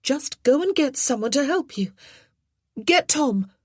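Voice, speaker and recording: A woman voicing an anxious young woman trapped in the dark, calling out in an urgent but gentle way in an audiobook. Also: mid-range voice, sing-song, normal speed, husky, no echo, studio quality, voice pushed up. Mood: urgent coaxing. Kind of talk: audiobook character voice.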